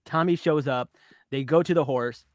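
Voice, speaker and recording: A man with a fairly high voice hosts a casual podcast, playful and joking as he retells scenes by acting them out. The recording is dry and close. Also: normal speed, dry recording. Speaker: podcast host. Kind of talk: casual TV recap chat.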